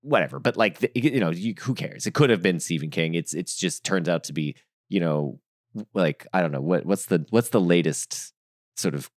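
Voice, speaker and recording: A man co-hosting a film podcast, talking in a rambling, halting way with many restarts. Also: sits low, lively intonation, no room sound, clean studio sound. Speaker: podcast co-host. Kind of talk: casual film discussion.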